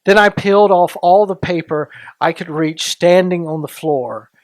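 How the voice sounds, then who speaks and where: A man hosting a story podcast, reading a classic tale aloud in a deliberate, sometimes hushed way. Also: high-pitched, dry recording. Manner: slow, deliberate, softening into hushed tones. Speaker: story reader and podcast host.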